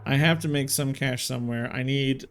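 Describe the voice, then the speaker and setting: A man's voice: mid-range voice, steady tone, moderate pace. A man hosting a strategy game let's play, thinking aloud as he plays and talking in casual slang. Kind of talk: video game commentary.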